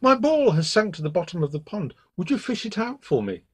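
A lonely, pampered young princess pleads and frets, as a man reading a bedtime storybook puts her on. The voice is a touch husky, lifted a little above his usual pitch, with lively ups and downs in the line. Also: fairly quick, exaggerated voice. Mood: eager.

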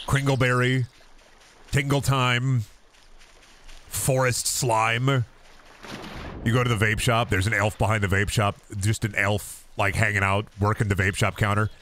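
A man's voice: on the low side, level tone, measured pace, pauses often, fairly bright tone, slight background noise. A man streaming a game, rambling and joking with heavy swearing. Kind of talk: casual stream commentary.

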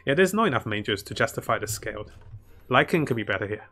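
A man's voice: medium pitch, sing-song, quick pace, fairly bright tone, slightly rough, soft background music. A man commentating his own strategy game live, chatting to viewers and laughing often. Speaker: streamer playing a strategy game.

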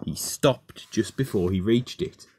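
A man narrating a children's story in a steady, plain reading voice. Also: lowish voice, a little slow, breathy edge.

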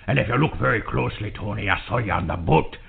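Brief: a caller doing a low, raspy pirate captain on a tinny phone line. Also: male voice, quick pace, full character voice. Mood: grumbling. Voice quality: gravelly, raspy. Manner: growling pirate talk. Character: gruff male pirate with a sunken ship. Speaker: prank caller.

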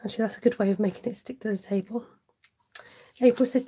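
A woman demonstrates cardmaking live, talking casually to her viewers and answering their comments. Her voice sits fairly high but sounds warm and slightly husky. She narrates each step with self-mocking asides. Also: quick pace, pauses often. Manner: chatty, reads out viewer comments and answers them; talks aloud while working, with self-mocking asides.

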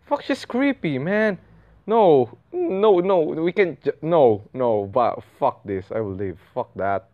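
A young man commentating a horror game, reacting loudly with swearing and laughter. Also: mid-range voice, lively intonation, a little slow, narrow, tinny audio. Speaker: gaming channel host.

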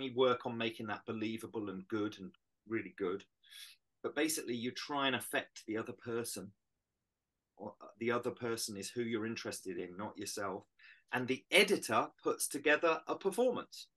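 A middle-aged British man, an actor, talking through his craft in a casual interview, animated and reflective. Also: mid-range voice. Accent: British English. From Britain. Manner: animated, reflective, explains with images. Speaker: actor guest. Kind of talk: casual interview on a video call.

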